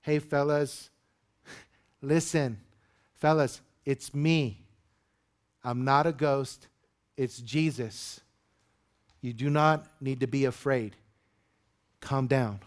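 A man acting out a calm grown man reassuring his frightened friends in a sermon. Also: medium pitch, slow, long pauses, natural voice.

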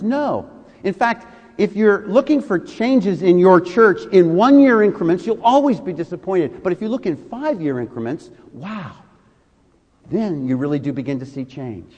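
A man's voice: high voice, darkish tone, in a large hall, lo-fi sound. A male pastor preaching a sermon, leaning hard on key words and drawing them out for emphasis.

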